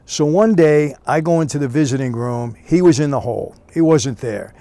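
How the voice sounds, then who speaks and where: A man's voice: a little high, moderate pace, warm tone. A man telling a personal story in a casual, conversational way, often dropping in "you know.". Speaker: storyteller recounting prison years.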